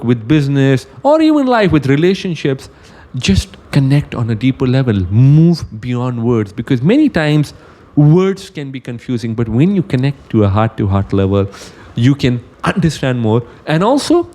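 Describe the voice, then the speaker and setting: A man with an Indian accent shares a motivational story. His voice is mellow and soft-edged at a mid pitch, and his delivery is earnest and uplifting, with key phrases repeated. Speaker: motivational speaker.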